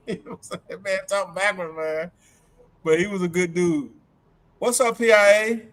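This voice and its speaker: A middle-aged man co-hosting a casual livestream, telling animated stories from home, laughing often and acting out quotes. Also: high-pitched, normal speed. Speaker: livestream co-host. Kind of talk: casual chat.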